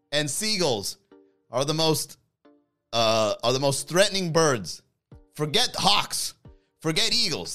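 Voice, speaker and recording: A man chats loosely with his live audience, joking and rambling with frequent laughs. His voice sits a bit high and swings widely. Faint music runs behind him. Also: bright, forceful tone. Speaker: livestream host. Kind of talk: casual chat.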